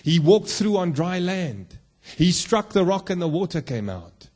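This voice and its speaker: Husky emphatic preacher man. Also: high voice, very animated, a little slow, darkish tone. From South Africa. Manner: emphatic, rhetorical questions to the congregation. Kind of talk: sermon.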